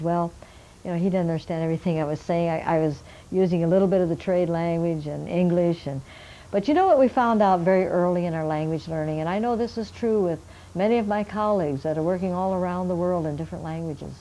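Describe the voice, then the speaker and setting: A woman's voice: fairly low pitch, fast talker, dark tone, rough recording. An older woman, a missionary Bible translator, earnestly telling a story from her work and addressing her listeners as friends. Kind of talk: storytelling testimony.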